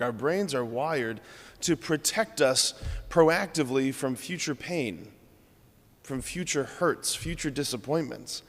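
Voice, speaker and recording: A man's voice: on the high side, in a large hall. A man, a Catholic priest, giving an earnest, conversational homily in a church.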